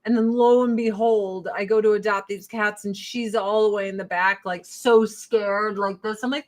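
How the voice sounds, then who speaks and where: Woman host, casual stream talk: cussing and blunt, sliding into soft baby talk for her pets, middle-pitched voice. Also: fairly even intonation, moderate pace, few pauses. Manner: blunt and profane, coos to her cats. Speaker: host talking to her online audience. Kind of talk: casual livestream chat.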